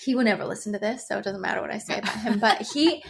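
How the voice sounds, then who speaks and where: A woman in her thirties, an author and podcast guest, chatting casually with frequent laughter and quick agreement. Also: mid-range voice, creaky.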